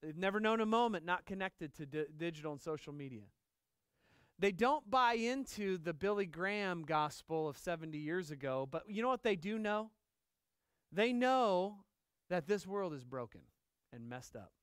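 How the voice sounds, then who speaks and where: A male pastor delivers a sermon in a high, smooth voice, hammering his points home by repeating them. He often stops to put questions to the congregation. The sound is dry and close. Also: moderate pace, no echo. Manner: emphatic, repeats key phrases, asks the congregation questions; acts out dialogue in lively voices.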